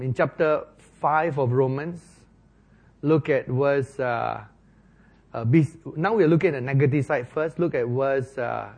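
A man preaching a sermon, explaining Bible verses slowly and stressing key words, often asking the listeners questions. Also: mid-range voice, gravelly. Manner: slow, emphatic, rising to loud stresses on key words.

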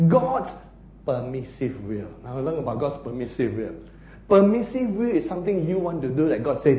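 A man preaching a sermon, animated and often laughing as he acts out the story. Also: medium pitch, normal speed, echoey room, highs cut off. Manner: animated, laughing, acting out scenes.

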